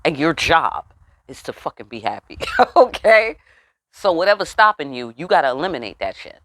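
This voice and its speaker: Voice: mid-range voice, sing-song, moderate pace, bright, forceful tone, no echo. Tarot reader on a channel, mid-range voice, street-talking and profane, keeps asking "you know what I'm saying?", dry close sound. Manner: asks the listeners rhetorical questions. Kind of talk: casual spiritual reading.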